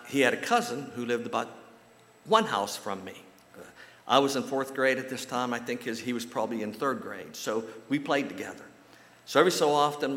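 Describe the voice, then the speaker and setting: A man from the United States preaching a sermon and telling a personal story in a folksy way. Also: medium pitch. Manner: folksy storytelling, animated when quoting others. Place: church sanctuary. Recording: roomy echo with long hall reverb.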